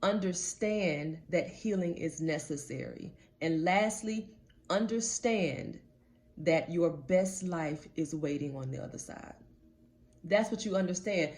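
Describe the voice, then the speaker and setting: Talking directly to viewers, a woman life coach delivers a motivational message in a fairly low, darkish voice at a slow pace. She's blunt and casual, hammering her points home through repetition.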